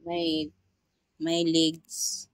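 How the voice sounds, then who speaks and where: Speaking in broken English with a Filipino accent, this woman from the Philippines chats in a casual vlog, plaintive and emotional, exhausted and overheated from the heat at her simple tropical rural home. Her deep voice is monotone with drawn-out words. The audio is poor, with no room sound.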